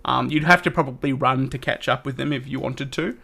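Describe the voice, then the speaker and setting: A man's voice: medium pitch, fairly even intonation, a little fast, creaky, sharp tone. A man narrating a tabletop horror game as game master, rambling with lots of restarts. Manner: rambling, with many fillers and restarts.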